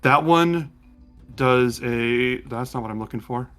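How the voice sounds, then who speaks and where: A man running a tabletop game as game master, who slows down when he describes the monsters. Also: mid-range voice, fairly bright tone, faint music behind.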